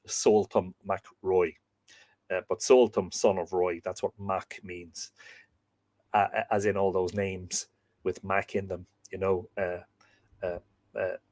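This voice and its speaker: A man's voice: fairly low pitch, dry recording. An Irish man hosting a live show, reading old myths aloud and wandering into chatty, humorous asides, recorded in a room at home with bookshelves. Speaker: podcast host and reader.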